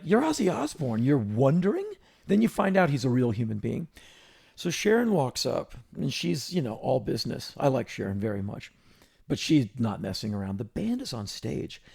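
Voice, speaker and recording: A man in his fifties with a gravelly, creaky voice tells a story to his co-host in an animated podcast chat. He restarts his sentences and peppers them with fillers, and his pitch sits in an ordinary middle range. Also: normal speed. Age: 50s.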